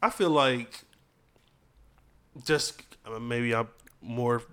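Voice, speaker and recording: A man's voice: mid-range voice, very slow, fairly bright tone, clean tone. Laid-back teasing man, casual chat. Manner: teasing, laid-back, calls others bro. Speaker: podcast co-host.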